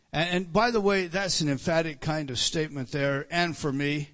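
A man's voice: fairly high pitch, moderate pace, fairly bright tone. A man preaching a Bible teaching sermon, with frequent restarts and repeated words, rising for emphasis on key phrases.

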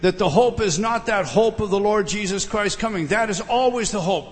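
A man's voice: sits high, animated, moderate pace, few pauses, in a large hall. A middle-aged man preaching a sermon, emphatic, often repeating words and putting questions to his listeners. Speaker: pastor.

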